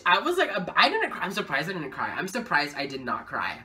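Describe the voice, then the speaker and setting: A young woman vlogger telling a casual story time, excitable and full of swearing. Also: deep voice, fairly quick, few pauses, distant mic.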